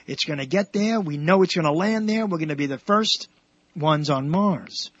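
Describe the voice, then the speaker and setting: Man, radio host, husky voice, rambling joke telling, dull dry recording. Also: fairly high pitch, moderate pace, no room sound. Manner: rambling, restarts often, animated punchlines. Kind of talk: telling jokes on air.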